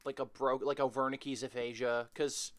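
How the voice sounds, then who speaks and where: A man's voice: mid-range voice, level tone, moderate pace. A man co-hosting a casual comedy podcast, riffing with mock-serious, absurd asides and plenty of hesitant fillers. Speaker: podcast co-host.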